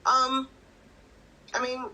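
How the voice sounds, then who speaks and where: A woman's voice: high voice, monotone, extremely slow, pushed and bright, a little hiss or hum, low-quality recording. A woman guest speaking hesitantly about her grief, with many fillers. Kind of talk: personal conversation.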